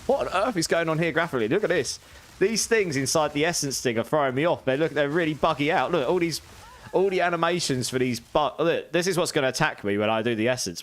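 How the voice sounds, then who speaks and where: A man's voice: medium pitch, brisk. A man with a British accent, giving chatty, casual gameplay commentary and laughing often while talking to his chat. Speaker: game streamer.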